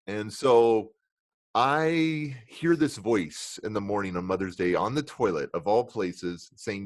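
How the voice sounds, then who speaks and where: A middle-aged man, a guest on a podcast interview, telling a deeply personal story in an earnest, emotional way that builds into motivational encouragement. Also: slow pace.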